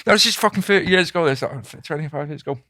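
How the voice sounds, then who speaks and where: A man hosts a podcast and tells a rowdy story, cursing freely and throwing himself into the voices of the people he quotes. His voice sits a little high and sounds bright and forceful. The sound is dry and close. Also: racing, no room sound. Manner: swears constantly, acts out quoted voices loudly. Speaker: podcast host. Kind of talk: casual storytelling.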